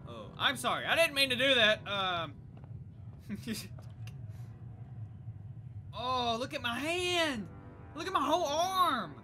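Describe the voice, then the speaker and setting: A young woman gaming YouTuber giving excitable, chatty let's play commentary. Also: high-pitched, slow pace, long pauses, faint music behind. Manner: excitable, chatty, reacts out loud.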